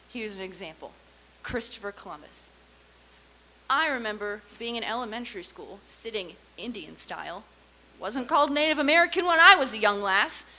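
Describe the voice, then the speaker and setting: A young woman performing a stand-up comedy set, telling stories in an animated, sarcastic way. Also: fairly high pitch, slight background noise.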